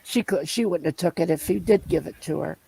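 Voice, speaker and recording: Creaky man reminiscing in casual chat. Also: on the high side, dark tone, dry recording, rough recording. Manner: rambling reminiscence, halting, looping back to repeat points. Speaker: storyteller in a conversation.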